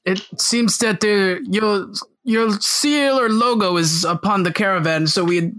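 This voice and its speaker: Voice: medium pitch, a little slow, a bit bright, poor audio. A tabletop player speaking in character with formal, stilted phrasing.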